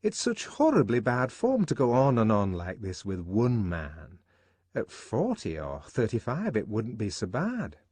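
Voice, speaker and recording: A man reading an audiobook, voicing a prim, gossiping young woman who scolds in a shrill, sing-song way. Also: wildly swooping pitch, unhurried, a little mellow, husky, dry recording, heavily acted. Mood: earnest.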